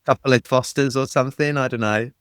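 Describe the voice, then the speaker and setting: A man's voice: medium pitch, fairly even intonation, fast talker, clean tone, dry recording, studio quality. An English man from Britain hosting a podcast, talking in a casual, jokey and chatty way. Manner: chatty, jokey, friendly banter. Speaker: podcast host.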